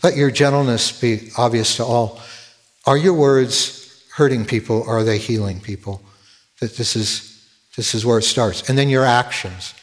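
A man's voice: medium pitch, unhurried, in a large hall. A man preaching a sermon as pastor, earnest, often repeating words as he starts a phrase.

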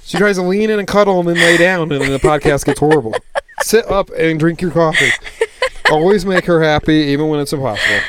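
Fast-talking blunt young man. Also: on the high side, heavy background noise. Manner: blunt, swears freely, tells stories with quoted dialogue. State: tired, burned out. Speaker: podcast co-host. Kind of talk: casual chat.

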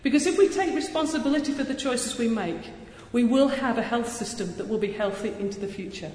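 A woman giving an earnest, energetic public talk as a surgeon, with touches of self-deprecating humor. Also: on the high side, brisk. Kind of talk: public speech. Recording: echoey hall with long reverb.

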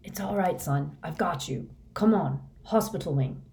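A big, strong older man urges and coaxes in short, brisk phrases, played by a woman reading aloud. The voice stays low and firm. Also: creaky, dark tone. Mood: coaxing. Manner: brisk and coaxing.

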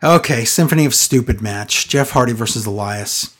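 A podcast co-host recapping a show in casual chat, sarcastic and exasperated, often slowing down to mock what was said. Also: mid-range voice. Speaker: podcast co-host reviewing wrestling.

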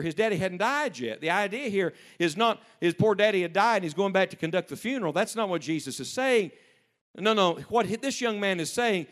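Higher-voiced male preacher telling stories. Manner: storytelling, swings between hushed and loud urgent emphasis. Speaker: pastor. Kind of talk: sermon to young people.

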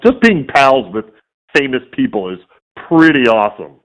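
A man speaking as a guest in a relaxed interview, his voice sitting at an ordinary middle pitch. He tells his stories with lively energy and slips into exaggerated voices for the people he quotes. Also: moderate pace, highs cut off. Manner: animated storyteller who acts out quoted voices. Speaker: voice actor guest. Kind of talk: casual interview storytelling.

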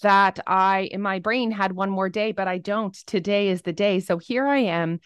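A woman in her thirties talks through her solo podcast in a chatty, heartfelt way, her voice sitting at a middling pitch. She sounds close to the mic in a dry, dead room. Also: normal speed, clean tone, no echo. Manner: emotional, chatty, fluctuating energy. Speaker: podcast host.

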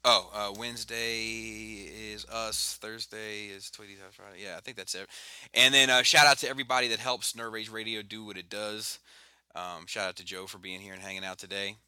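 A man hosting a casual podcast, joking loosely and reading off shout-outs. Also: lowish voice, steady tone, normal speed, clear, resonant tone, no echo, clean studio sound. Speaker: podcast host.

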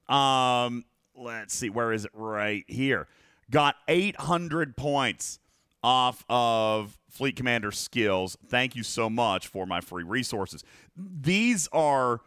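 Animated chatty male podcast host. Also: mid-range voice, no echo, clean studio sound. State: losing his voice. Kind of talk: casual live-stream podcast chat.

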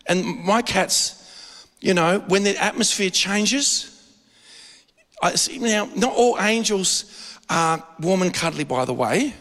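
A man giving a conversational sermon, telling lively, joking stories and acting out quotes. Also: high-pitched, slow pace. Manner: animated storytelling with jokes and acted-out quotes. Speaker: preacher. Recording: long hall reverb.

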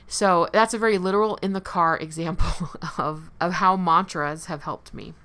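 Candid woman with a bright, smooth voice. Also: lowish voice, normal speed. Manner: candid, conversational, laughs lightly at herself. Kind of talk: personal recovery talk to listeners.

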